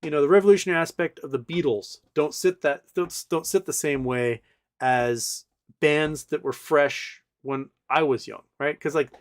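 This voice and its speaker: A man's voice: on the high side, moderate pace. A man in his forties hosting a casual livestream, telling stories in a rambling way with many fillers. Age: 40s. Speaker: livestream host.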